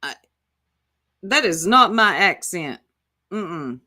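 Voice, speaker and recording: A woman's voice: on the low side, expressive, takes it slowly, pushed and bright. A woman hosting casual reaction commentary, sarcastic and profane, talking back to the clips she plays. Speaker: YouTube commentator.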